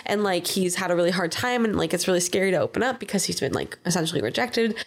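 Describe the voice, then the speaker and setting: A woman's voice: on the low side, expressive, fast talker, creaky. A woman co-hosting a podcast, chatting casually through a recap and acting out quotes in playful voices. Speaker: podcast co-host. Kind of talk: casual chat recapping a reality show.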